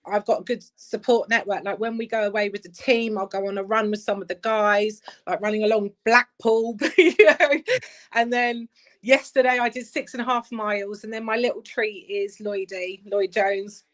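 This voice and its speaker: A woman's voice: mid-range voice, steady tone, normal speed, a bit bright. A woman in her fifties, a guest in a casual interview, talking chattily with lots of "like" and "literally". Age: 50s. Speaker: guest, club player care head.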